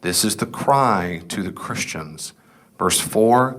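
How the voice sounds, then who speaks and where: In a low, animated, slightly bright voice, a middle-aged man takes his time teaching a laid-back Bible class. He reads verses aloud and talks with the group, raising questions that he goes on to answer.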